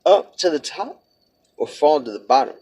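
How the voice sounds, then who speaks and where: A man's voice: fairly high pitch, lively intonation, normal speed, darkish tone, breathy edge. A man in his twenties giving a blunt, profane, heartfelt motivational vlog talk, casual street slang throughout. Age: 20s. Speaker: vlogger.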